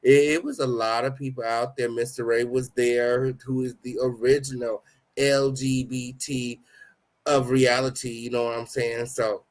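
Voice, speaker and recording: A man's voice: mid-range voice, little pitch movement, unhurried. Slangy man hosting a gossip chat. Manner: dramatic exclamations, slangy, chatty. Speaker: host.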